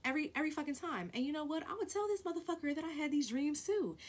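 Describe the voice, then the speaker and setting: A woman telling a story on her vlog in a blunt, profane, animated way, with loud stresses and hushed asides. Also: high-pitched, fast. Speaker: vlogger.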